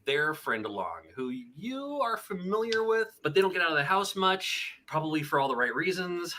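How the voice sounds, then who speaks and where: A man in a played-back video, talking about couch co-op with halting, hedging phrasing. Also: fairly high pitch, sing-song, bright, forceful tone, a little hiss or hum. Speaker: video presenter. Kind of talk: casual video commentary.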